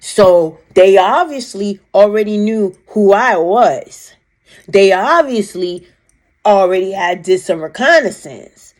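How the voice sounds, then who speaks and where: A woman telling a personal story in a casual, animated way, emphatic and rambling with restarts. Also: medium pitch, slow pace, rough recording. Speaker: vlogger recounting a personal experience.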